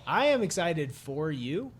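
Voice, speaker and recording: Lively teasing man hosting a podcast. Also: fairly high pitch, measured pace, a loud crowd. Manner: playful, teasing, animated. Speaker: podcast host. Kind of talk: casual podcast banter.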